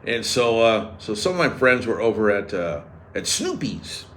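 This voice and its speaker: Animated sarcastic male radio host. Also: on the low side, moderate pace, slight background noise. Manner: animated, sarcastic, riffing jokes. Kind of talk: casual sports radio banter.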